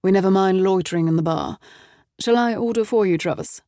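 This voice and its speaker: A woman narrator voicing a brisk, jovial British businessman with a British accent. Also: mid-range voice, dark tone, no echo, close to an everyday voice.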